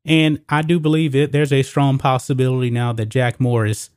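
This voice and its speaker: A man's voice: medium pitch, little pitch movement, normal speed, a little mellow, dry recording, studio quality. A man hosting opinionated sports commentary, emphatic and repetitive, calling viewers guys.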